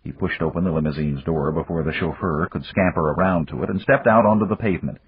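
A man reading a novel aloud in measured scripted narration. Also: deep voice, slightly rough. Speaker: audiobook narrator. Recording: dull dry lo-fi recording.

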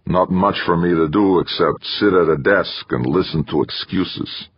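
A man with a deep, husky voice playing a proud, weary male engineer in exile, speaking tersely and holding himself back. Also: a little slow, muffled recording. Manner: terse, restrained.

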